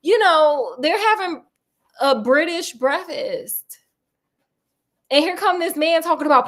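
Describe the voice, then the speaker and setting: A woman's voice: high voice, animated, slow pace, long pauses, a bit bright. A woman hosting a storytelling show, retelling a classic detective tale in a chatty, slangy, digressive way. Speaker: storytelling host.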